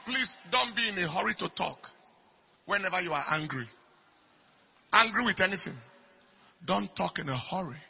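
A man preaching a sermon, repeating phrases and swinging from quiet talk to shouted declarations. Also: sits high, expressive, moderate pace, vocal fry, long pauses, slight background noise. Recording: dull lo-fi recording.

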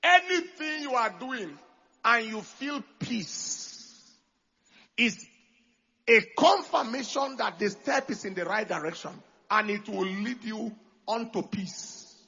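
A man preaching a sermon as pastor, swinging from quiet talk to loud calls for the congregation to answer. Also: high voice, lively intonation, takes it slowly, vocal fry, slightly rough, lo-fi sound.

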